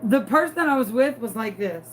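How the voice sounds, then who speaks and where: A woman's voice: fairly high pitch, lively intonation, fairly quick, slight background noise. A woman from New Orleans with a Southern accent, telling a playful, dramatic story as she crafts. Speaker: crafting vlogger. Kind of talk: chatty storytelling while crafting.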